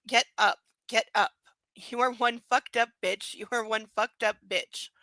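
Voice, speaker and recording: A woman voicing a brutal abusive man who yells harsh insults, read aloud from a novel. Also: a little high, fairly even intonation, a little slow, no room sound, rough recording. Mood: angry.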